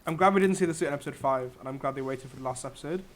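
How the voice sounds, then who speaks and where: A young adult man co-hosts a casual review of a TV series, chatty and enthusiastic and often correcting himself. He speaks very fast in a mid-range voice.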